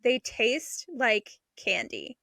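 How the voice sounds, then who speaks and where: A woman's voice: on the high side, animated, drawn-out words, vocal fry, bright, forceful tone, no echo, clean studio sound. A young adult woman co-hosting a homesteading podcast, chatting enthusiastically and laughing between thoughts. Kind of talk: casual chat.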